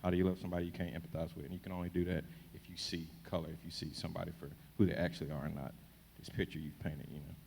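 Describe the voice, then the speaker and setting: Man, from texas, very low voice, candid personal panel talk, hall echo. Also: little pitch movement, very fast, vocal fry, darkish tone, husky. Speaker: church member on a panel. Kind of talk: panel discussion.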